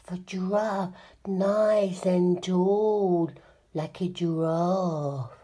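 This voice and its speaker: A woman's voice: lowish voice, steady tone, extremely slow, dark tone, husky, full character voice. A woman voicing a cheerful, curious little male toy friend in a children's alphabet sing-along, talking in a sing-song way and gasping with delight.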